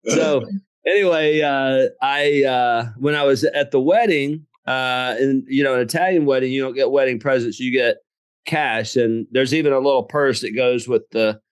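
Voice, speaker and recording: A man's voice: medium pitch, moderate pace, clean tone, no room sound. A middle-aged man with a Southern US accent, from southern Alabama, telling his life story as an interview guest in a folksy, joking way. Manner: folksy, jokes and laughs at own stories. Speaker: guest, business coach and author.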